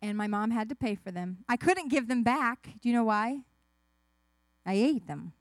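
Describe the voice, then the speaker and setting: A woman giving a children's sermon, telling a story with lively asides and questions to the kids. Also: a little high, moderate pace, dry recording. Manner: animated, asks the kids questions, acts out voices. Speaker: children's message speaker.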